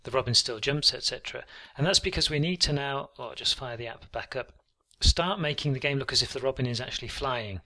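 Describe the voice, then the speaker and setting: Man, coding tutorial, very bright tone, mid pitch, easygoing with ums, clicks behind. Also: a little fast, few pauses. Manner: relaxed, thinking aloud with frequent ums. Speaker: programming tutor. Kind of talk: screen-recorded coding tutorial.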